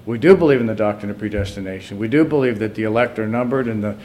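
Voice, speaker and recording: A man preaching a sermon, dropping to quiet asides and then climbing to loud, high, emphatic passages as he reads quotations aloud. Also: quick pace. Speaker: pastor.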